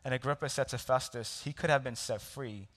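A pastor preaches to his congregation, spinning a personal story with quick laughs and direct questions to the room. His voice is bright and forward, and it rings out with a long reverb in the hall. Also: medium pitch. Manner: storytelling with laughs and audience asides. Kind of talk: sermon.

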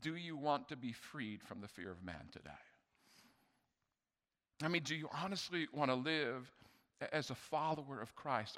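A man preaching a sermon as pastor, swinging between loud urgent appeals and quiet intense passages, with stammered restarts. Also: mid-range voice, lively intonation, normal speed, long pauses. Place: church sanctuary. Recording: church hall reverb.

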